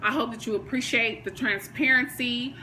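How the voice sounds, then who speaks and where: A woman, talking candidly on her vlog, emotional and faith-filled, swinging from hushed to fired up. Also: on the high side, fairly even intonation, normal speed, slight background noise, low-quality recording. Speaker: vlogger. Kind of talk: candid personal vlog talk.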